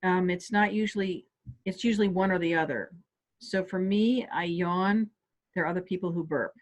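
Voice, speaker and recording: A woman calmly guiding listeners step by step through a stress relief tapping exercise on a video call. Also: lowish voice, normal speed. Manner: calm step-by-step coaching. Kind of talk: guided tapping exercise instruction. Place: home office on a webinar.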